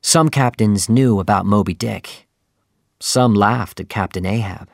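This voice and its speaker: A man narrating a simplified sea novel in a slow, clear, even storytelling manner. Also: lowish voice, dry recording, studio quality. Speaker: audiobook narrator.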